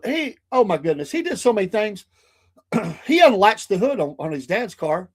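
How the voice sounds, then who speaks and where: Guy cracking up telling old stories, kinda high voice for a dude. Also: sing-song, normal speed, slightly rough. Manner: storytelling, laughs often, acts out quoted voices. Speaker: podcast co-host. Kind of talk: casual chat.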